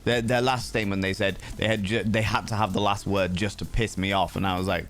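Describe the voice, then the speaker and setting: A man hosts a casual livestream and greets viewers with cheeky, playful banter. His voice sits on the low side and he sounds a bit sleepy. Faint music plays under his talk. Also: fairly even intonation, a little fast, few pauses, fairly bright tone. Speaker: livestream host.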